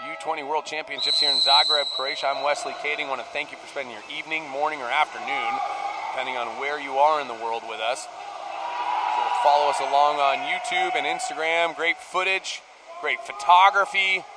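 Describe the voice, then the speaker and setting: A man giving live play-by-play commentary, rising to shouts on big plays, heard over a noisy arena broadcast. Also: on the high side, fairly even intonation, moderate pace. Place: poolside at an indoor arena.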